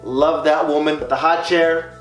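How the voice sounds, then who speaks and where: This male hypnotist host speaks a little high, with a steady tone and a measured pace. Upbeat and laughing frequently, he explains as he goes through a casual reaction video, recorded in an echoey room over background music.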